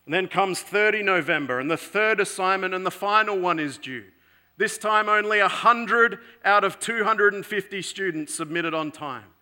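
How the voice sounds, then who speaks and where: Male preacher, somewhat high and bright in tone, earnest and shifting between forceful and hushed. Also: normal speed. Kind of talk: sermon with storytelling.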